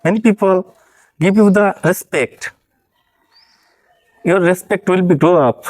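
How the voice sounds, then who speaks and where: A man from Bangladesh with a Bangladeshi English accent, an English trainer giving an earnest, encouraging motivational talk, halting often to correct himself. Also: high voice, darkish tone.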